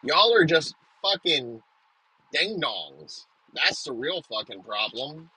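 Bright, husky man in a crude comic rant. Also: fairly high pitch, sing-song, rough recording. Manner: rapid-fire, crude, profane riffing with frequent restarts. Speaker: comedian. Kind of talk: profane comedic rant.

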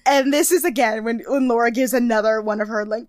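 Animated young woman, high dry voice. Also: fairly quick, dry recording. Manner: animated, mocking impressions, swearing. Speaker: podcast co-host. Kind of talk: casual recap chat.

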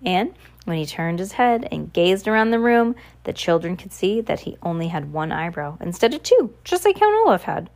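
A woman's voice: lowish voice, big pitch swings, moderate pace, vocal fry, darkish tone. A woman reading a novel aloud, who sometimes stumbles and corrects herself. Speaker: audiobook reader.

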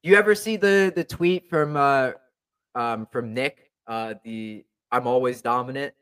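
A man's voice: mid-range voice, big pitch swings, takes it slowly, a bit bright, smooth. A young man chatting casually as a hockey fan, rambling with lots of fillers. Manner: rambling, many fillers and restarts. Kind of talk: casual chat.

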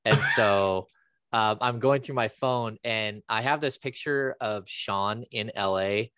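A man hosting a sports podcast, talking casually with halting restarts and fillers. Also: lowish voice, a bit bright, clean tone, no echo. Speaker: podcast host.

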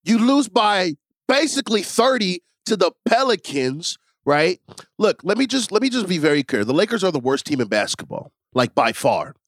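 High, lively man ranting. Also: moderate pace, dry recording. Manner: exasperated, ranting, rhetorical questions. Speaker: guest ranting about his team. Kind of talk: comedic rant segment.

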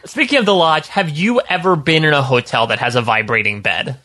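A man's voice: on the high side, brisk, bright, forceful tone. A man co-hosting a podcast in casual chat, joking and bantering about a TV episode. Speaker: podcast co-host.

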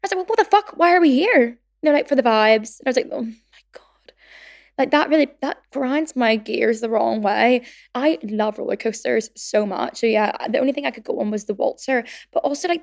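Woman, Belfast accent, twenties, podcast host, casual chatter, gravelly fry, fond of "like". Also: a little high, a little mellow. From Northern Ireland. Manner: chatty, fills talk with "like", acts out quotes. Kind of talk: casual chat.

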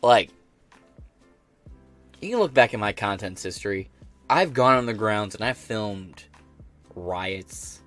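A man's voice: on the low side, animated, slow pace, long pauses, fairly bright tone, faint music behind. An American man hosting a podcast, reacting to news clips in blunt, profane casual commentary. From United States. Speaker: podcast host.

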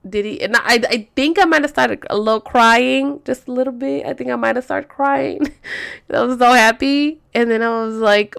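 Young woman, casual storytime, expressive, swears a lot. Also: a little high, moderate pace. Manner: animated, swears a lot, acts out quotes.

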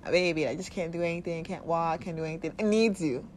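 A woman's voice: lowish voice, quick pace, darkish tone, slight background noise. A woman giving casual spiritual self-help advice, blunt and profane, often laughing and acting out little voices. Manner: acts out quoted voices of body and soul.

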